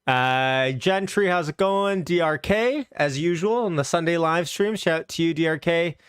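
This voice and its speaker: A man's voice: a little high, moderate pace, clear, resonant tone, no echo, clean studio sound. A man hosting a casual stock market livestream, upbeat and chatty, greeting viewers from the chat with loose restarts.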